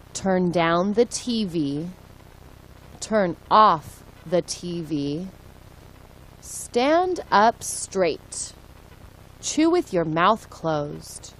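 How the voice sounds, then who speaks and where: A woman reading short English sentences aloud slowly and deliberately, one at a time, for listening practice. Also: on the low side, low-quality recording. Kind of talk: slow read-aloud for learners.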